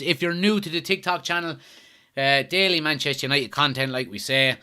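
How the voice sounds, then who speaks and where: An Irish man with a slightly high, bright and forceful voice hosts a live football watchalong. He talks casually, reading out viewer comments one by one and answering them in a chatty, easygoing way. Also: brisk, clear, resonant tone. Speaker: host of a football watchalong stream. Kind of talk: casual live-stream chat and match commentary. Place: at home.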